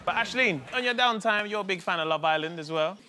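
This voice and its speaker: A man hosting a talk show, chatting with guests in a lively, teasing way. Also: high voice, fast. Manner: lively, teasing, laughs often. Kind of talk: casual chat interviewing guests. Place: TV studio with audience. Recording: loud studio audience noise.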